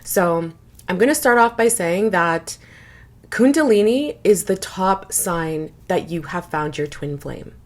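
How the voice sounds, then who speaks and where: A woman's voice: mid-range voice, animated, a little slow. A young woman talking earnestly in a casual personal vlog, rambling a little and filling her sentences with "like". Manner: earnest, rambling, frequent "like" fillers. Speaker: spiritual vlogger.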